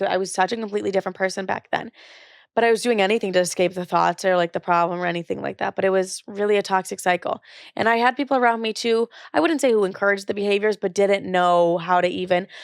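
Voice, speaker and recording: A woman's voice: mid-range voice, creaky, dry recording, clean studio sound. A young woman in her twenties hosting a podcast, telling her own story in a candid, confessional way, with many casual fillers. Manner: candid, confessional, says "like" often. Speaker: podcast host. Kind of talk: personal storytelling.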